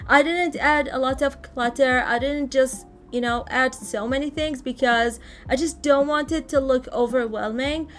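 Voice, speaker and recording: A woman giving a casual, chatty voice-over tour of a game build, sometimes searching for words and laughing lightly. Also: high voice. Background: faint background music.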